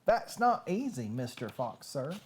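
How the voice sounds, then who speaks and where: A woman's voice: a bass voice, very animated, a little slow, a little hiss or hum, pitched below the performer's own voice, heavily acted. A woman voicing a flustered man who complains about tongue twisters, in a put-on Southern US accent and a whiny, protesting tone. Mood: complaining.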